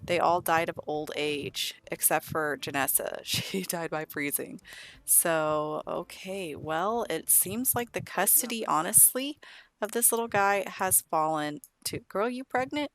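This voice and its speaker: A woman's voice: sits low, unhurried, a bit bright. A woman casually narrating a life-sim game, chatty with amused asides to the characters on screen. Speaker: gameplay narrator. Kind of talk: casual let's-play narration.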